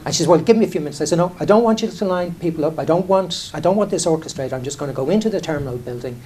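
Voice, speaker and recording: A man's voice: on the high side, expressive, racing, a little mellow, slight background noise. A middle-aged Irish man, an airline chief executive, telling candid, self-deprecating stories in a conversational way, full of restarts and "you know". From Ireland. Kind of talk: candid anecdotal talk on stage.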